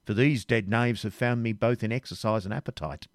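A man's voice: medium pitch, fairly quick, dry recording, clean studio sound, natural voice. A man reading aloud, voicing a bold, jesting medieval king with a hearty, commanding manner. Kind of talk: audiobook reading.

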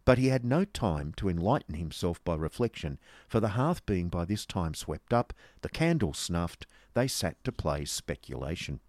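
A man narrating a classic novel as an audiobook, in an expressive storytelling manner. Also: deep voice, normal speed, few pauses, no echo, studio quality.

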